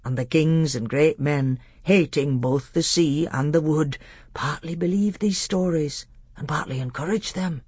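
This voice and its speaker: A man voicing a wise, gentle old male tutor in a measured, earnest audiobook reading. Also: fairly high pitch, dry recording, clean studio sound, pitched above the performer's own voice. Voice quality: gravelly, husky. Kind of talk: audiobook character voice.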